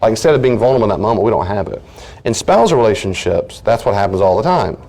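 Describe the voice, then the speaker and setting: A man's voice: fairly low pitch, expressive, fast, dark tone. Earnest man teaching a class. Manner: earnest, acts out everyday conversations. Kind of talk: teaching a study group.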